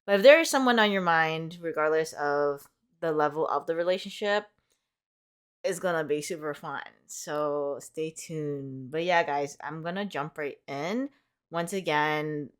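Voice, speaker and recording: A woman's voice: low voice, a little slow, smooth. A young woman reading tarot in a casual, rambling vlog, upbeat and full of "like" fillers. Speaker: tarot reader.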